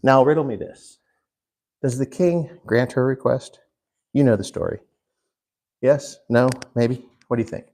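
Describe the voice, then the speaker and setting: A man teaching a Bible class in an unhurried way, putting questions to the class. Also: medium pitch, darkish tone. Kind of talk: interactive Bible class lesson.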